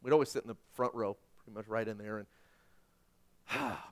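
A middle-aged man preaching a sermon as pastor, animated and self-deprecating, swinging between loud asides and hushed points. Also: fairly low pitch, a little fast.

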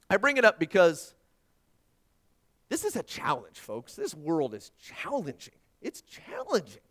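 A man in his thirties or forties preaching as a pastor, telling stories and acting out dialogue in between. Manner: animated storytelling with acted-out dialogue and sudden pitch jumps. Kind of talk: sermon.

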